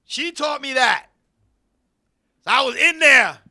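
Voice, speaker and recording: Man, studio host, comedic storytelling, very high voice, piercing tone. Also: takes it slowly. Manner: animated, loud bursts, laughing asides. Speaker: podcast host.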